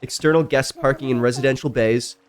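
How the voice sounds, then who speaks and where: A man streaming a game, reading stories aloud and breaking in with loud, jumpy reactions. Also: steady tone, fairly quick, a little hiss or hum. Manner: reacts loudly, jumps high in pitch. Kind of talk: casual reading and commentary while gaming.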